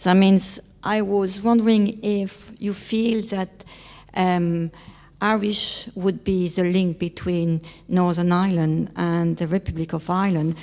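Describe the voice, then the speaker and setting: A woman from Brittany, asking a question from the audience in a careful, halting way. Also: fairly low pitch, flat delivery, a little mellow. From Brittany, France. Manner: careful, halting, searching for words. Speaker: audience member. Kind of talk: public question. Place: large lecture hall. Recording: long reverb of a lecture hall.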